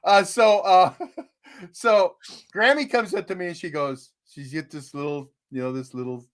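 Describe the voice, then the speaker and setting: An older man with a high-sitting voice co-hosts a podcast at an unhurried pace. He tells stories in a rambling, folksy, chatty way, chuckling often.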